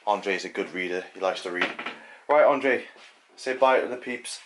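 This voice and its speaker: A man's voice: low voice, normal speed, background noise. A man vlogging casually at home, jokey and teasing with his son, a little out of breath. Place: child's bedroom at home.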